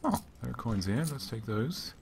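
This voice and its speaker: Wry, slightly hoarse gaming host. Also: male voice, medium pitch, very animated, normal speed, darkish tone, slight background noise. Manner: wry and offhand. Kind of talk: casual let's-play commentary.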